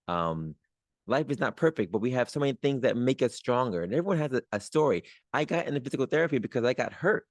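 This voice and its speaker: A man's voice: lowish voice, dry recording, clean studio sound. A man from New York hosting a motivational podcast, speaking earnestly with rising emphasis. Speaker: podcast host.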